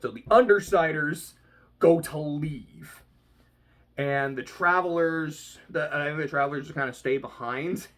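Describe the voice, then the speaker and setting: A reaction vlogger talking casually about a book they are reading, animated, often laughing and swearing casually. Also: mid-range voice, unhurried.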